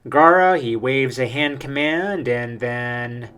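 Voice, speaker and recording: A man hosting a casual manga reaction, talking excitably with frequent fillers as he reads through pages. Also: mid-range voice, slow pace, clear, resonant tone. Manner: excitable, hyped, lots of uh fillers.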